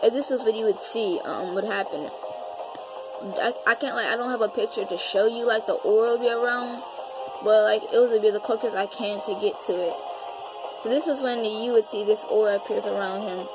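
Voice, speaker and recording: A woman's voice: mid-range voice, fairly even intonation, fairly quick, poor audio. A woman telling an improvised fan-fiction story in a loose, rambling way, restarting often. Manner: rambling, with many fillers and restarts. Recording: music playing underneath.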